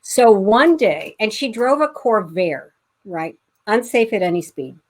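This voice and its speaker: A woman's voice: mid-range voice, animated, unhurried. A middle-aged woman from Pasadena, a guest author, telling a family anecdote in casual conversation with many fillers and restarts. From Pasadena, California.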